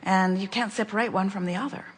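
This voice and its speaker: A woman speaking in a measured, emphatic way, teaching about money and attraction as "we". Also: mid-range voice, fairly even intonation, slightly rough. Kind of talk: spoken teaching in conversation. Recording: long hall reverb.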